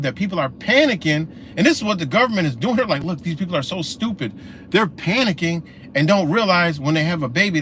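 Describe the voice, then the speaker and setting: A man's voice: high-pitched, a little hiss or hum. Profane man ranting on a livestream. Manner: profane, animated, talks back to comments. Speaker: livestream host. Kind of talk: casual livestream rant.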